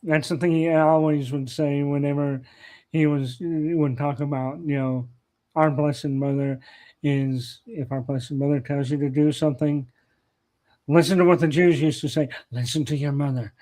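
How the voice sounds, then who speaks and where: A man's voice: fairly high pitch, fairly even intonation, moderate pace, warm tone. A man on a podcast as a guest, telling family stories in a casual, rambling way with plenty of fillers and restarts. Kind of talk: casual anecdotal storytelling.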